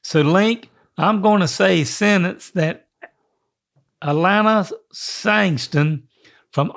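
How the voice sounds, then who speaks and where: An older man with a fairly high, gravelly voice. He co-hosts a casual podcast, rambling in a folksy way and restarting his sentences often. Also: a bit bright. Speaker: podcast co-host.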